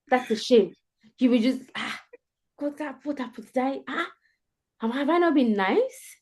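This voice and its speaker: A woman leading a live group coaching call over video, playful and animated, acting out sample answers as she explains them. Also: high-pitched, a little slow, long pauses. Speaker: career coach.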